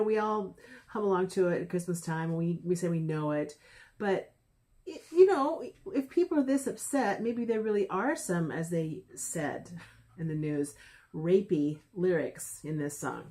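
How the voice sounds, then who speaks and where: Female vlog host, mocking and sarcastic, mellow tone. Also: lowish voice. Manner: sarcastic, reads lyrics aloud mockingly. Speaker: political commentary host. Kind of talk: casual political commentary vlog.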